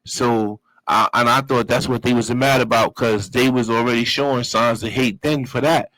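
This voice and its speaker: A guest from Brooklyn, New York, animatedly tells his life story in casual fashion, using profane street talk and vocal sound effects. His mid-range voice moves at normal speed, with no echo but low recording quality.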